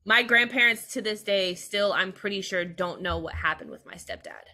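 A woman's voice: medium pitch, moderate pace, sharp tone. A young woman speaking as a podcast guest, talking openly and earnestly about hard personal experiences, sometimes laughing while she does. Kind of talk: candid personal conversation.

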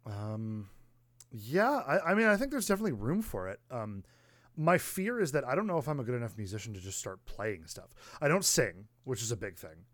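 A man co-hosting a podcast, animated and exclamatory, filling his talk with likes. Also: medium pitch, no room sound. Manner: animated, quick to exclaim, many filler likes. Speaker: podcast co-host, musician. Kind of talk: casual chat.

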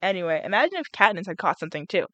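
A woman's voice: fairly low pitch, very animated, rapid-fire, a bit bright, no room sound, lo-fi sound. A young woman reading a novel aloud and breaking off to chat and react, with laughs and groans between passages. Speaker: reader and vlogger.

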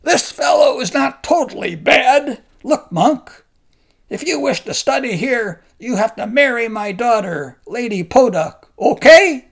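A man voicing a huge, raging giant hunter, bellowing and snarling with a gravelly voice. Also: extremely high pitch, expressive, unhurried, pitched above the performer's own voice, heavily acted. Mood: gruff commanding. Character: raging nine-foot giant hunter, gruff old man.

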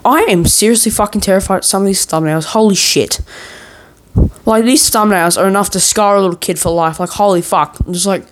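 A man's voice: sits high, a little fast. A man in a worked-up, profane ranting monologue, swearing nearly every sentence as a vlogger.

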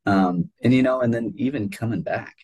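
A man's voice: medium pitch, moderate pace, a little mellow, breathy edge. A man co-hosting a podcast, speaking in an encouraging way with hesitant fillers. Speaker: podcast co-host. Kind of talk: casual chat.

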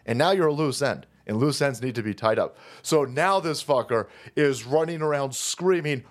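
A man's voice: medium pitch, moderate pace. A man hosting a profane political rant, sarcastic and combative in manner. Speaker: political commentary host.

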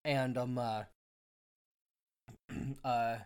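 A man's voice: mid-range voice, little pitch movement, a little mellow, clear, resonant tone. Rambling man recapping a book. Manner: rambling, full of ums and uhs, quick acted quotes. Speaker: podcast co-host. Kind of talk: casual chat, book chapter recap.

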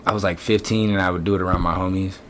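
A young man in his twenties tells his story as a studio podcast guest. He talks in an easygoing, rambling way. His voice is very low, and faint room noise sits behind it. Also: fairly even intonation, racing. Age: 20s. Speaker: rapper guest. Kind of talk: casual interview chat.

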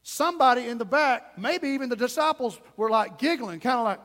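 A man preacher delivering a passionate sermon in a church, swinging between loud emphasis and hushed asides. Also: very high voice, lively intonation, brisk, long reverb tail.

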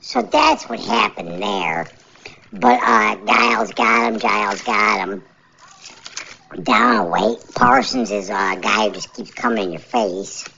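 Guy ranting on his own podcast, super gravelly and deep, swings up and down a lot, dull lo-fi sound. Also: wildly swooping pitch, slow, sharp tone. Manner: rambling, irritated, repeats himself. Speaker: podcast host. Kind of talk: solo podcast rant. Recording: dull lo-fi recording.

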